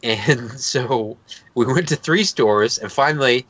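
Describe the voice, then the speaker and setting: A man in his thirties co-hosts a podcast, telling a long, rambling anecdote in a casual chat, animated with laughs and quoted voices. He speaks slowly at a medium pitch, and his voice is slightly rough.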